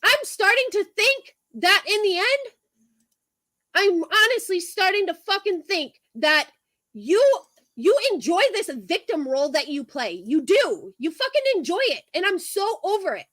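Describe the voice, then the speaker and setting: A woman's voice: very high-pitched, sing-song, measured pace, pushed and bright, no echo, poor audio. A woman on a livestream, delivering a heated, profane rant and repeating her points.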